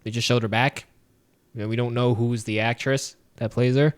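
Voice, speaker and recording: A man co-hosting a podcast, casually reviewing a film, retelling scenes with lively acted-out lines and frequent laughs. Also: mid-range voice, moderate pace, clean tone. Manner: animated retelling, acting out lines, laughs often. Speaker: podcast co-host. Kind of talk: casual movie review chat.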